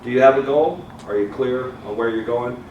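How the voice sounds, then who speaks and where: A man's voice: mid-range voice, moderate pace, lo-fi sound. Southern US male speaker, middle-aged, engages the crowd; captured in a roomy hall at a distance, light background noise. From Alabama, US. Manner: storytelling, asks the audience questions, tag "right?". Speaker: motivational speaker. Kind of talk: keynote speech to a live audience. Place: large hall with audience. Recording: echoey hall, mic from far off.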